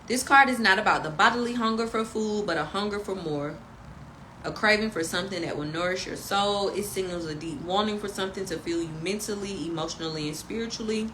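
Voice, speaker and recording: A woman talks through a tarot spread like a spiritual pep talk. Her voice is bright and cutting, and her delivery is emphatic and preachy, mixed with slangy asides. Faint noise sits behind her. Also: mid-range voice, a little fast, rough recording. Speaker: tarot reader and spiritual guide.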